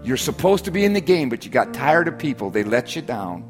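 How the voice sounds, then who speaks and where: A man preaching a sermon as pastor, stressing points by repetition and dropping to soft, quiet asides. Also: very animated, a little fast, faint music behind. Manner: preaching with sudden drops to soft, low, intimate asides and emphatic repetition.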